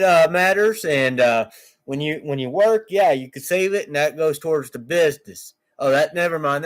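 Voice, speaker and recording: A man who runs a small lawn care business, rambling casually and joking to his vlog viewers, often taking his jokes back. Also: fairly high pitch. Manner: jokey, rambling, quick to say he's kidding.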